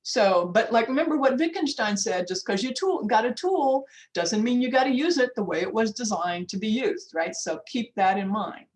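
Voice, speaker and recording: A woman's voice: a little high, animated, moderate pace, hardly any pauses, a little mellow, poor audio. An older woman professor lecturing on linguistics over a video call, informal and chatty, with frequent restarts and asides. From United States. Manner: frequent restarts, checks the time aloud. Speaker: linguistics professor giving a workshop talk. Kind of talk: academic lecture.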